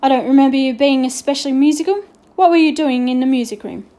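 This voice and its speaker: A sharp, irritable headmaster barks clipped questions with dry sarcasm, as a woman reading a storybook puts him on. The voice sits a touch high yet mellow and rounded, pushed louder than the narration. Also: quick pace, natural voice. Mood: stern. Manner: sarcastic, snapping. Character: irritable stern male school headmaster.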